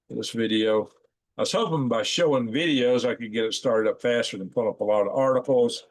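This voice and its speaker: A man in his forties rambles through his live stream in an easy, informal way. His voice sits at an ordinary middle pitch, recorded dry and close with no room sound. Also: fairly quick, dry recording. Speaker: channel host. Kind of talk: live-stream casual talk.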